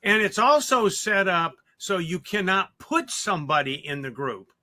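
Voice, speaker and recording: A co-host on a live webinar who chimes in to add points and reads viewers' questions aloud. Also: female voice, fairly low pitch, sing-song, moderate pace, bright, forceful tone.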